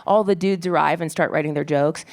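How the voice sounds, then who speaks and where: A woman stand-up comedian telling a story in a wry, quick, self-deprecating way, on a club stage with a handheld mic. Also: deep voice, steady tone. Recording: live club recording with crowd noise. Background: audience laughter.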